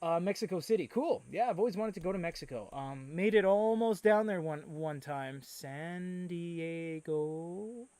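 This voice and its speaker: A man hosting a live stream, chatting casually and reading out viewer comments with excitable energy. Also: sits high, fairly quick, hardly any pauses, no room sound. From Canada. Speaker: livestream host.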